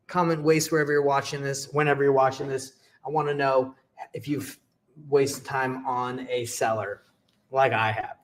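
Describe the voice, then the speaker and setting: A young adult man giving a live sales training, energetic and repetitive, checking in with "okay" and acting out sample calls. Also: mid-range voice. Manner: energetic, repeats "okay" and "all right", acts out sample seller calls. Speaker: real estate sales coach. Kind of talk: live training talk to camera.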